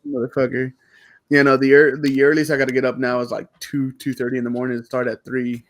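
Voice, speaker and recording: A man's voice: medium pitch, completely flat delivery, fast talker. A man with a mid-range voice ranting about work on a casual podcast. He mocks the people above him and swears freely as he talks it out. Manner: vents about bosses, mocking, swears. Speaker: podcast co-host. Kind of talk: profane casual chat.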